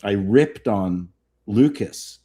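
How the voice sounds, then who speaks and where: A man's voice: lowish voice, lively intonation, slow pace, warm tone, slightly rough. A man around seventy, an actor guest on a live chat, telling rambling self-mocking anecdotes. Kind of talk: casual chat.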